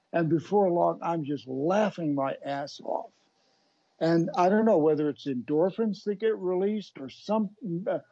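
A man calling in to a radio show, chatting casually in a rambling, halting way and laughing often, heard over a phone line. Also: fairly high pitch, creaky, warm tone, dry recording. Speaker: regular caller. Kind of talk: casual radio call-in chat.

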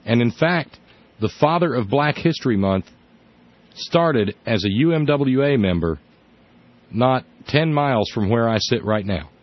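A man's voice: medium pitch, animated, measured pace. A man hosting a radio talk show, speaking in an earnest, conversational way with frequent restarts. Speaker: radio host. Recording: dull lo-fi radio audio.

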